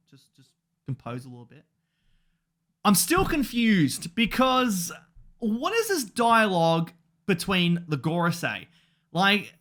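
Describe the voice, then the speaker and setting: A young man hosting a reaction video, talking excitably, swearing and swinging between shouting and calm. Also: on the high side. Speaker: anime reaction channel host.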